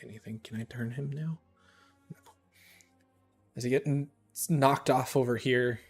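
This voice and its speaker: Guy dming a dnd session, mid pitch, faint music in back. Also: unhurried, husky. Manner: laughing often, animated narration. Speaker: dungeon master. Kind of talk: narrating a tabletop game.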